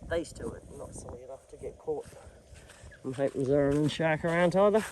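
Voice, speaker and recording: She talks a little fast in a low voice, with background noise audible. A middle-aged Australian farm vlogger, she narrates casually while working outside, holding her phone to film.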